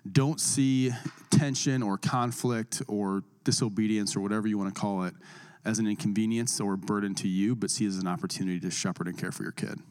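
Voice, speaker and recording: Earnest low-voiced dad reflecting. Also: male voice. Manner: earnest, thoughtful, slightly rambling. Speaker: parent and co-host. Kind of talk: casual reflective chat.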